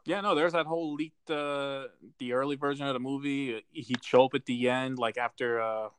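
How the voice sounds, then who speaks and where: A man's voice: mid-range voice, fairly even intonation, normal speed, slight background noise. A man co-hosting a casual movie chat, talking with enthusiasm and plenty of fillers. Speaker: podcast co-host.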